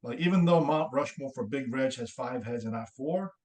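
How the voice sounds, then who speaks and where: A man's voice: medium pitch, normal speed, a little mellow. A man co-hosting a casual sports podcast, talking in a laid-back, nostalgic way and stammering as he starts his sentences. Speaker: podcast co-host.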